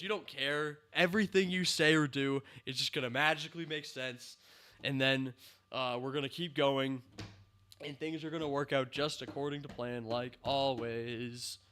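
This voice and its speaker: A man's voice: mid-range voice, steady tone, normal speed, pushed and bright, clear, resonant tone. A man reviewing a TV show in a ranting commentary, exasperated, sighing and laughing in disbelief.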